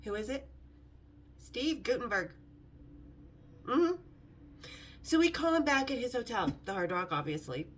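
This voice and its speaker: Brash middle-aged lady spilling wild stories, a bit high voice, sarcastic and sweary. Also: lively intonation, measured pace, pauses often, breathy edge. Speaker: vlog host. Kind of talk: casual storytelling to camera.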